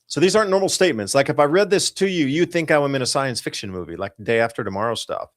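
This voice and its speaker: A man hosts a live podcast show and walks his listeners through forecast charts. His voice sits at an ordinary middle pitch, and his delivery is urgent and emphatic. He rambles loosely and often restarts his sentences. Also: expressive, fast talker. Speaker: podcast host. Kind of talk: live-show commentary over weather charts.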